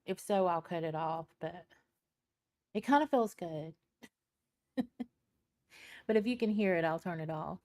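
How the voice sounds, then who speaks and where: Slow-talking tired woman live-streamer. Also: fairly low pitch, animated, darkish tone. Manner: chatty, greets viewers by name, frequent ums and laughs. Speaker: live-stream tarot reader. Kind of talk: casual live-stream chat. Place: at home at her computer with a small fan running. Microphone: computer mic.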